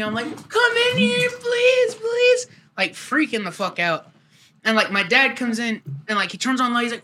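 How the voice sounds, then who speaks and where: A man's voice: high voice, a little hiss or hum. A young man casually telling a rambling, profane childhood story to friends. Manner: rambling, profane, animated retelling.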